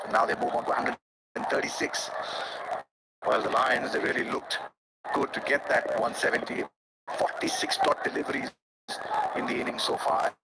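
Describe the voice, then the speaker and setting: A man giving live cricket commentary, excitable and swooping on the big moments. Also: mid-range voice, gravelly. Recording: loud background noise over commentary.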